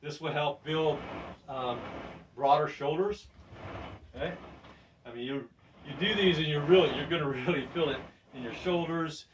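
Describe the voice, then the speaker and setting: A man's voice: fairly high pitch, moderate pace, long pauses, recorded from a distance, background noise. Chatty older man in a home gym. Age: 60s. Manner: loose and chatty, laughs often, says "right?" a lot. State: breathing deeply between sets. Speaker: fitness presenter. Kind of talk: casual workout demonstration. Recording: voice from off the mic.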